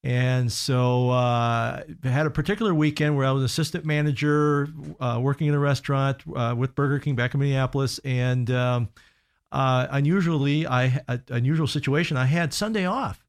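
A middle-aged man speaks as a guest on a radio talk show. His pitch sits in a mid range for a man. He tells stories earnestly, stumbling and restarting often. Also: steady tone, clear, resonant tone. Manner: earnest, halting with frequent restarts and fillers. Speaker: guest consultant. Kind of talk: casual radio storytelling.

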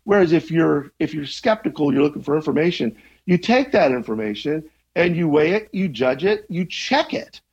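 A husky, gravelly-voiced man in his fifties answers as an interview guest. He teaches journalism and talks in a thoughtful, rambling way, restarting sentences and chuckling now and then. The audio sounds dull and lo-fi. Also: on the high side, lively intonation, moderate pace. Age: 50s. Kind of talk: conversational interview.

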